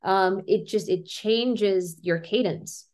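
A woman's voice: medium pitch, takes it slowly, a little mellow. A woman, an actress guest on a podcast, talking enthusiastically and rambling a little. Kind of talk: casual interview chat.

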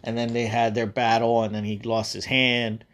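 A man's voice: medium pitch, little pitch movement, moderate pace, fairly bright tone. A man hosting a podcast in casual chat, rambling and swearing freely between laughs. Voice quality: rambling, profane, laughs often. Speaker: podcast host.

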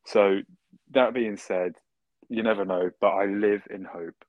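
A man's voice: lowish voice, fairly even intonation, unhurried, no echo. Male guest, bantering and joking, dry, dull audio. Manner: jokey, banters. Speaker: guest, football fan. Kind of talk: casual chat.

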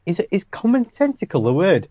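A man's voice: high-pitched, huge pitch swings, a little fast, no room sound. Wry co-host man, dull dry mic. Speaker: podcast co-host. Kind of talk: casual podcast banter.

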